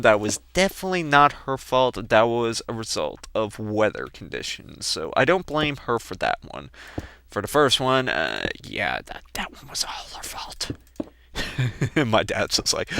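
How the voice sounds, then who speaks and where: A young man telling a rambling story about his sister while playing a game, breaking into high squeaky acted-out quotes. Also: sharp tone, clear, resonant tone, no echo. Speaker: let's play gamer. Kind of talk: casual gameplay commentary.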